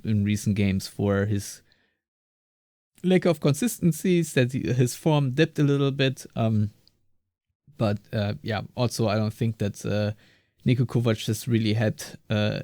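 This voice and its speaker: A man's voice: on the low side, steady tone, normal speed, dark tone, dry recording, studio quality. A man co-hosting a podcast in casual discussion, talking hesitantly with many fillers and restarts. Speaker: podcast co-host.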